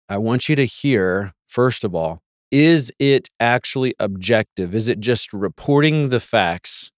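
A man's voice: mid-range voice, no echo, studio quality. A man hosting a talk show in a casual monologue, with wry, sarcastic asides and mock voices for quotes. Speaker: podcast host.

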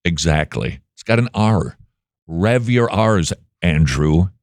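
رجل بصوت منخفض يمازح ضيفه. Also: male voice, low-pitched, lively intonation, dry recording, studio quality. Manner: joking, teasing, quick back-and-forth. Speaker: radio show host. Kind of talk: casual interview chat.

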